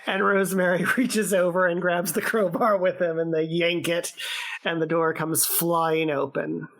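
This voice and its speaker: A woman's voice: lowish voice, level tone, measured pace. A woman narrating as dungeon master of a tabletop game played over a remote call, describing scenes with many fillers and hesitations.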